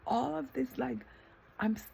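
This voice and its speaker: A woman vlogging a reflective self-talk monologue, rambling with lots of fillers and breaking into sudden high exclamations. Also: a little slow, creaky, mellow, breathy edge. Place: eating ice cream while filming herself.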